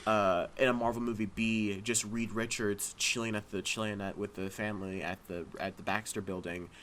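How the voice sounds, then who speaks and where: A man hosting a casual podcast chat, excitable and often acting out scenes in voices. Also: fairly low pitch, normal speed, slight background noise. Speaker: podcast host.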